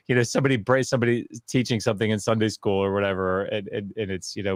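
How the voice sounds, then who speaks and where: A low-pitched man tells a story casually and with energy, slipping into the voices of people he quotes. The sound is dry and close. He mocks himself as he goes. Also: quick pace, dry recording. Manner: animated, acts out quoted voices, self-mocking. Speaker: guest scholar. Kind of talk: casual storytelling on a video call.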